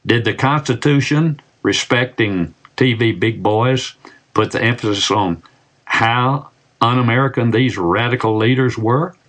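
An older man delivering a scripted opinion commentary, asking rhetorical questions and stressing words slowly and deliberately. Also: mid-range voice, fairly bright tone.

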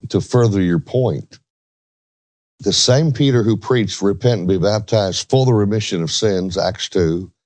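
A man's voice: fairly low pitch, a little slow, darkish tone, no echo. A middle-aged man earnestly telling a church story, emphatic when quoting others. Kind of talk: storytelling in a religious talk show.

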